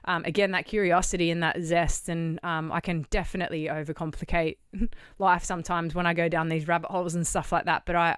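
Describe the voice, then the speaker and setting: A woman's voice: low-pitched, clear, resonant tone, no room sound, clean studio sound. An Australian woman talking as a podcast guest, candid and blunt, swearing casually as she tells her story. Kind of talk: candid interview conversation.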